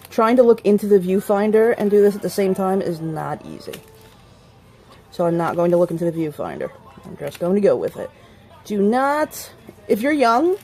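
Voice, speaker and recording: A woman vlogging a casual hands-on demonstration, chatting and rambling to viewers as she works, with playful warnings and quick asides. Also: mid-range voice, darkish tone. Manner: chatty and rambling, talks to viewers while working.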